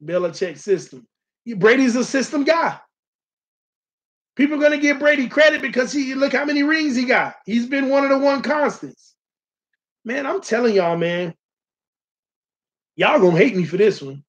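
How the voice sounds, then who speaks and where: A man's voice: extremely high pitch, animated, moderate pace, pauses often. A man hosting a casual live-stream sports talk show, talking animatedly and straight to his viewers. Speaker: sports channel host.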